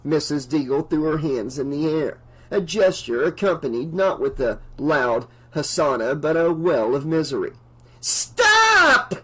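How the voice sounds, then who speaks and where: Higher-voiced man reading a novel. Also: moderate pace, husky, low-quality recording. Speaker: audiobook narrator.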